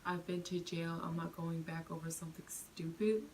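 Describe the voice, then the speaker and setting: A woman's voice: fairly low pitch, level tone, normal speed, a little mellow, a little hiss or hum, natural voice. A woman quoting, in her own voice, a man talking offhandedly on the phone in a retold story. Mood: offhand.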